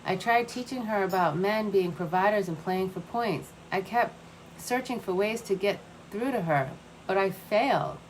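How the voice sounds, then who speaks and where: An anxious young woman pleads with her grandmother in a high, upset voice, as a woman reading a story puts her on. Her words sound guilty and shaken. A faint room hum sits behind her. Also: moderate pace, lightly acted, poor audio. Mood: distressed. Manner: higher, pleading tone.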